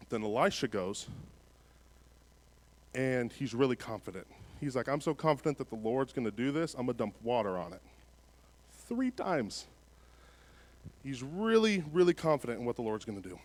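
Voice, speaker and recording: A man preaching in a church. He reads scripture aloud, then talks it through casually, swinging between soft passages and louder emphatic ones. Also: mid-range voice. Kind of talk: sermon.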